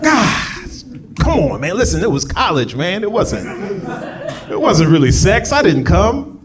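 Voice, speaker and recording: A man voicing a panicky young man pleading and shouting over a questionnaire, with audience noise. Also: sits high, big pitch swings, a little slow, voice pushed up. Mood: frantic pleading. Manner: frantic, shouting, begging. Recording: live audience crowd noise.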